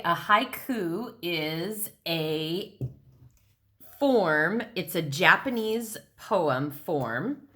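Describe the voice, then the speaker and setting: Middle-aged woman teaching young kids on video; unhurried, a touch low, patient and clear. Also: a bit bright. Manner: patient, slow and clear, clapping out syllables. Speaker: elementary school teacher. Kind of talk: recorded classroom lesson.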